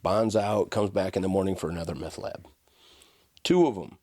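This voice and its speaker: Man, very low voice, casual storyteller, dry close sound. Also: normal speed, no echo. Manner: casual, animated storytelling with frequent "right?" and "like". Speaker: podcast guest. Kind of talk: conversational storytelling.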